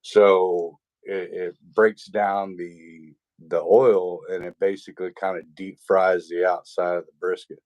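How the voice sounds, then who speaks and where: A man's voice: low voice, level tone, measured pace, hardly any pauses, a little mellow, dry recording. A man, hosting a casual livestream chat over a video call, rambling with fillers and restarts. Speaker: stream host.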